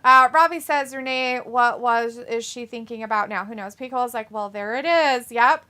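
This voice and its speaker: A woman co-hosting a casual live stream, reading viewer comments and reacting with blunt, profane remarks. Her voice is bright and sits a little high. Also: normal speed. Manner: blunt, profane, laughs often. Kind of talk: casual chat.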